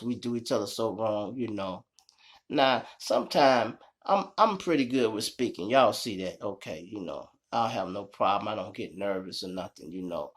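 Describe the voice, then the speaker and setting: A man with a Chicago accent, telling a story in a casual, profane way and keeping up a running chat with his audience. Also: medium pitch. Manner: animated, profane, keeps addressing the audience. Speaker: storyteller host.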